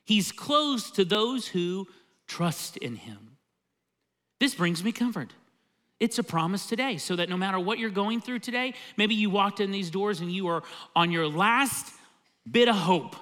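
High-voiced, bright-toned man preaching. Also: lively intonation, unhurried. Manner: emphatic and conversational, often opens with "See,". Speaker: pastor. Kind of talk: sermon.

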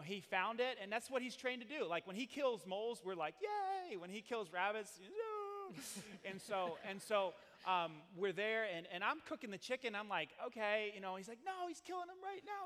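A middle-aged man co-hosting a marriage talk, telling rambling, animated stories full of restarts. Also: fairly high pitch, big-room sound. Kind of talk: casual storytelling talk.

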